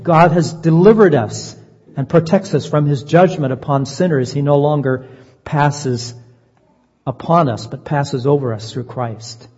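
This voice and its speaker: A man preaching a sermon in an earnest voice, slowing down to stress key phrases. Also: fairly high pitch, dark tone, slightly rough. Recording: dull lo-fi sound, long reverb.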